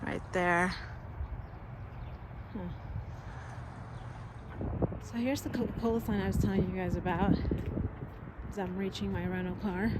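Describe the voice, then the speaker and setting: A woman's voice: medium pitch, background noise. A woman vlogging casually outdoors, chatty and exclamatory, thinking aloud as she walks through town in winter. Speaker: travel vlogger visiting film locations. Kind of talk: casual walking-tour vlog.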